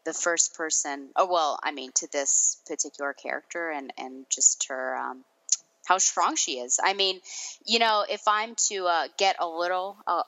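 A woman's voice: sits low, normal speed, pushed and bright, low-quality recording. A woman in a casual film discussion, thoughtful and hesitant, with many fillers.

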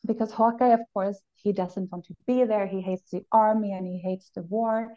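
A woman co-hosts a casual chat and thinks out loud in a reflective, analytical way. She pauses and restarts as she works through her points. Her voice comes through a dull, lo-fi recording. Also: mid-range voice, fairly even intonation. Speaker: podcast co-host.

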